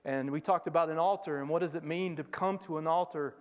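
Man, guest missionary preacher, storytelling sermon, acts out quoted voices, fairly high pitch, reverberant church hall. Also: steady tone, brisk. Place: church sanctuary.

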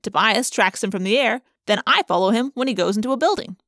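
A woman's voice: fairly high pitch, quick pace, a bit bright, no echo, clean studio sound, close to an everyday voice. A woman voicing a wisecracking teenage boy in an audiobook, with a joking delivery. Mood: wry. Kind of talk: audiobook character voice.

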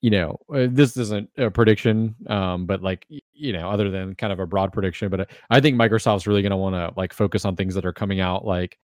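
A man's voice: deep voice, fast, few pauses, no echo, studio quality. A man hosting a casual podcast chat, talking in a loose, rambling way as he thinks aloud. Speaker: podcast host.

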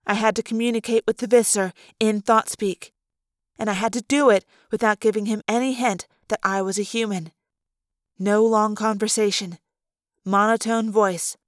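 Woman audiobook narrator, mid pitch, calm first-person storytelling, dry close sound. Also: normal speed, no echo. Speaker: audiobook reader.

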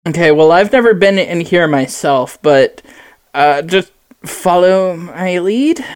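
A woman's voice: on the low side, animated, slow, clean tone. A woman player chatting casually and laughing during a tabletop game.

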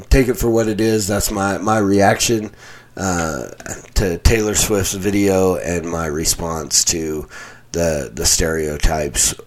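A man giving an earnest, preacherly reaction commentary on his podcast, halting and restarting often, tired and irritated. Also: deep voice. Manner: halting, many restarts and fillers. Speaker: podcast host.

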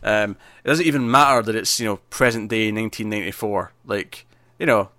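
A man's voice: on the low side, fairly even intonation, a little fast, sharp tone, dry recording, clean studio sound. A man co-hosting a podcast in casual chat about films, rambling with many restarts and fillers and acting out quotes. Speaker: podcast co-host. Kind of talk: casual film-list chat.

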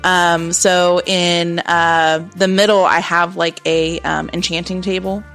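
A woman's voice: on the low side, little pitch movement, slow pace, a bit bright, soft background music. Rambling woman describing her character. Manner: rambling, lots of fillers. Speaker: player. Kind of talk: narrating a tabletop game.

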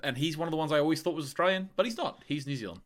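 A man's voice: a little high, rapid-fire, fairly bright tone. A young man co-hosting a film podcast, easygoing and hesitant, often restarting his sentences. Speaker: podcast co-host. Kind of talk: casual film chat.

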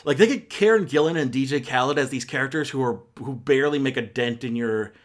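A man's voice: mid-range voice, fast talker. A man giving a casual spoken film review on a podcast, rambling and self-correcting with many fillers and exasperated asides.

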